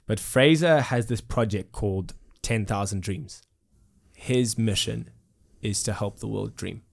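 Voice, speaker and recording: A young South African man in his twenties speaks in an interview, earnest and reflective, often circling back with fillers and restarts. His voice sits a little low. He sounds sincere and unhurried as he works through his thoughts. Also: gravelly. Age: 20s. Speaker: musician guest. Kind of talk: casual interview conversation.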